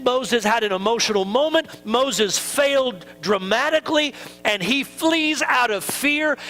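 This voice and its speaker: A man's voice: very high-pitched, sharp tone, a little hiss or hum, rough recording. A man pastor preaching a sermon in a conversational way, acting out quoted excuses.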